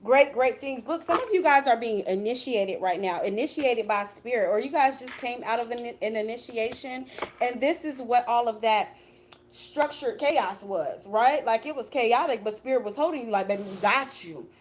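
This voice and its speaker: A woman's voice: fairly high pitch, normal speed, a little hiss or hum. A woman doing a casual tarot reading for her viewers, chatty and blunt, swearing freely and calling them "baby.". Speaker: tarot reader.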